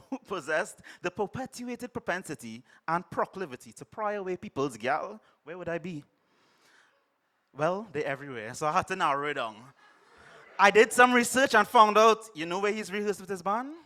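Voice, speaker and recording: A man's voice: high-pitched, pushed and bright. A young man with a Trinidadian accent performing comic slam poetry on a live stage, theatrical and punchy with heavy alliteration. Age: young adult. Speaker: spoken word poet.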